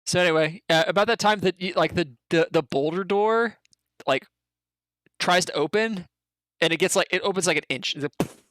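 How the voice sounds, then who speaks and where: A man's voice: sits high, brisk, a bit bright, no echo. A man narrating a tabletop game as game master, rambling with fillers and laughing often.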